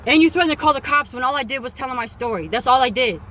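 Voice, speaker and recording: A young woman rants to her phone outside a repair shop, high-pitched and bright, heated and indignant as she swears her way through a grievance. A faint hum of street and traffic sits underneath. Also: rapid-fire. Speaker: vlogger. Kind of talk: angry rant to camera. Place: outdoors by a car repair shop.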